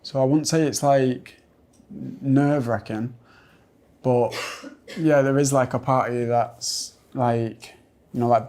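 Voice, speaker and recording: A young man from Manchester, a footballer guest on a podcast, who talks in a soft, reflective way with lots of fillers. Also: mid-range voice. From Manchester, England. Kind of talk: casual podcast interview.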